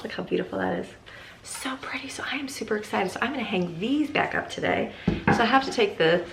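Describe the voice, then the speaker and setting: Chatty middle-aged woman, gravelly, echoey room. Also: mid-range voice, fairly bright tone. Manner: chatty, rambling, laughs often. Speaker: vlogger. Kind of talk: casual chat. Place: home. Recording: echoey room with faint ambient noise.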